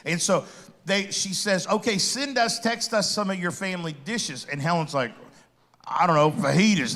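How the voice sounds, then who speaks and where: High-voiced middle-aged dude hosting a casual chat, acts out all the quotes. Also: male voice, moderate pace. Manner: animated storyteller acting out quotes.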